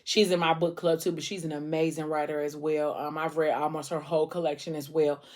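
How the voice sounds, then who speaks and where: A woman's voice: low-pitched, flat delivery, a little fast, a little mellow. A young woman chatting at home about a book series she loves, loose and slangy, full of fillers. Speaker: book vlogger. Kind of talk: casual book discussion.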